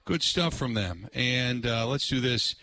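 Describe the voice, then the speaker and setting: A man hosts live sports talk radio from a remote broadcast, rambling excitably and leaning on lots of filler words. His medium-pitched voice is bright and forceful, and he keeps a measured pace.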